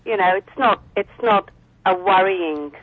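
A chatty Australian woman talking about her dogs, her voice a little husky. She rambles with fillers and restarts. The sound is thin and tinny, as if over a phone line. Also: medium pitch, a little slow, no room sound. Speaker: dog breeder guest. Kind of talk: casual phone interview.

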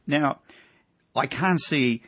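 A man's voice: a little high, drawn-out words, a bit bright, no echo. Rambling Australian man on radio finance. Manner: rambling, many fillers and asides. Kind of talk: casual radio finance segment.

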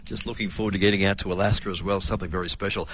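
A man hosting a live radio show on location, chatty and quick to laugh. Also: low-pitched, fairly even intonation, a bit bright. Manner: chatty, laughs easily, cheery filler. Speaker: radio host.

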